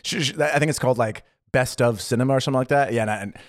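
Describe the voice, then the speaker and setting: A man's voice: medium pitch, very fast, dry recording, clean studio sound. A man co-hosting a podcast in casual chat, laughing often and talking with lots of fillers and restarts. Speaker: podcast co-host.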